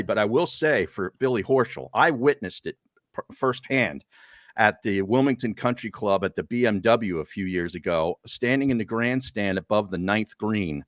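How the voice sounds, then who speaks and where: A man on a casual golf podcast, measured and agreeable, telling a story he saw firsthand. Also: fairly low pitch, no echo, studio quality.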